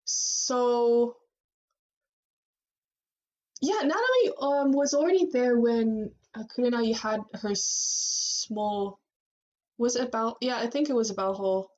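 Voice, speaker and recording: A woman co-hosting a casual fan podcast, talking in an animated way with frequent laughs and fillers. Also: on the high side, takes it slowly, pauses often. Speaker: podcast co-host. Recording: muffled lo-fi sound.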